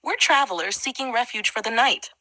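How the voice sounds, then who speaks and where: A woman's voice: a little high, animated, fairly quick, sharp tone, dry recording, pitched above the performer's own voice. A woman reading an earnest young heroine. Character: young woman adventurer, polite and determined. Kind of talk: audiobook character reading.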